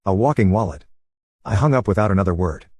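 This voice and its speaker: A man narrating a first-person story in an even, steady voice over gameplay. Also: on the low side, fast talker, breathy edge, no echo.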